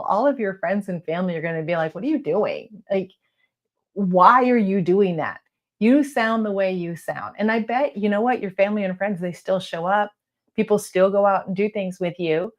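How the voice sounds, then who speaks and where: Woman in her office, talking straight to camera, blunt and reassuring, average pitch, some sounds slightly soft. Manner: blunt, chatty and encouraging; some letters not crisply pronounced. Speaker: real estate video coach. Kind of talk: casual advice talk to camera. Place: home office lit by lamps.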